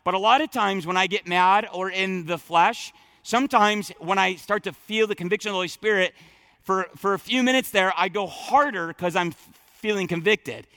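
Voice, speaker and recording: Male pastor, high and bright, earnest, casual preaching style, dry close sound. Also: moderate pace, no echo. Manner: conversational, thinking aloud with frequent fillers and restarts. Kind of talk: sermon.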